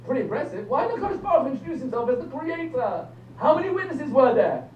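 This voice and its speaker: Older man, lively lecture, audience questions, distant phone recording, roomy echo. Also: extremely high pitch, fast talker. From England. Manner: lively, quizzes the audience, jokes. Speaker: rabbi lecturer. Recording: distant, echoey, dull phone recording with faint hum.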